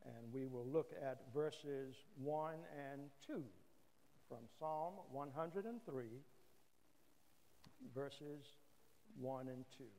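Slow-preaching man in a reverberant church. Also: mid-range voice, dark tone, slight background noise. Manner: measured, frequent "uh" pauses, repeats key phrases. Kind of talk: sermon. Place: church sanctuary.

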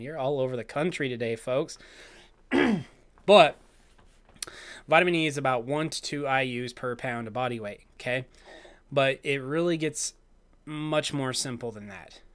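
A man who is slightly hoarse hosts a live show, chatting casually as he reads viewers' comments and keeps asking "okay?". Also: medium pitch, a bit bright. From Utah. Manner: chatty, repeats "okay?" often. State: slightly hoarse, clearing his throat. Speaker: host of a live raw dog-feeding show. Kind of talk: casual livestream talk, reading chat.

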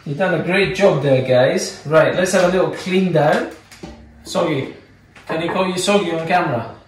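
A man's voice: on the high side, moderate pace, a little hiss or hum. A man with a Scottish accent, a chef casually teaching a home cooking demonstration in a playful, chatty way while joking with his kids. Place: home kitchen. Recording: echoey kitchen, mic far off, clattering pans.

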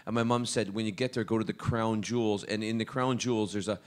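Lively laughing man telling stories. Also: fairly low pitch, quick pace. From Scotland. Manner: lively, laughing storyteller who stumbles and restarts. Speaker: guest actor on a convention panel. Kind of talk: casual panel storytelling. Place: convention panel room.

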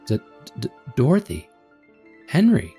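A man voicing an elderly, flustered farm wife with a hoarse, shaky voice in a read-aloud story. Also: rumbling low, huge pitch swings, measured pace, dark tone, faint music behind, voice pushed up, heavily acted. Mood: shocked.

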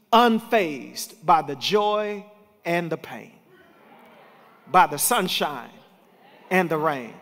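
A man's voice: on the high side, lively intonation, slow, pauses often, fairly bright tone. A man preaching a sermon as pastor, telling a story and building to emphatic points. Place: large church sanctuary. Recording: reverberant church hall.

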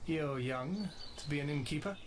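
A worldly adventurer on the run, played by a man in a game, calm, measured and gently persuasive. His voice is slightly high. Steady noise hisses behind him. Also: lightly acted.

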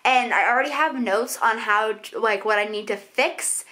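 A woman's voice: a little high, moderate pace, sharp tone. A young woman vlogging casually about her writing, bubbly and gushing, rambling with fillers and self-deprecating asides. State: out of breath. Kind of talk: casual chatty vlog.

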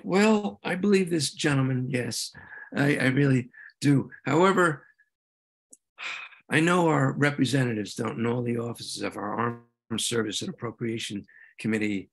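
A man giving an earnest, halting slide talk at a meeting, with many restarts and fillers. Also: medium pitch, gravelly. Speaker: presenter at a veterans' group meeting.

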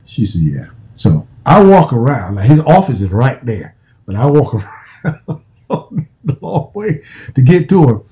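Man in his fifties, american, former football player, casual profane storytelling, very dark voice. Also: mid-range voice, sing-song, a little slow, rough recording. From United States. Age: 50s. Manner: profane, repetitive, restarting phrases.

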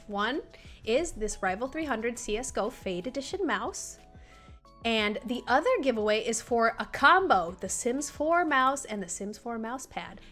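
A young woman, a community manager, hosts a casual livestream, chatting with viewers and baby-talking to her dog. Her voice is high-pitched and fairly bright, with faint music in the background.

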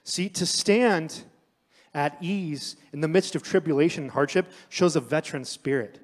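A young adult man preaching a sermon as pastor, telling stories with acted quotes in an animated way. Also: on the high side, normal speed. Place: church sanctuary. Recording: long hall reverb.

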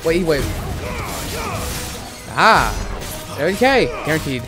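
A woman streaming a video game, chatting in an excitable, giggly, rambling way. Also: deep voice, slow, music in the background. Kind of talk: casual gameplay commentary.

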